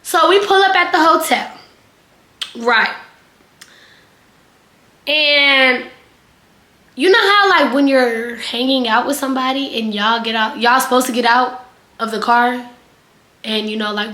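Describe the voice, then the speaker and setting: A young woman vlogger telling a casual storytime, chatty and animated, full of fillers and swearing. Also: fairly high pitch, normal speed, pauses often, roomy sound.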